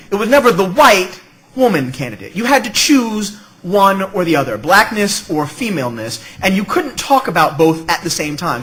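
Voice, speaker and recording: A man's voice: high voice, pushed and bright, low-quality recording. A middle-aged man speaking on an academic panel, witty and emphatic, often checking in with "okay?" and "right?". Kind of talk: academic conference talk.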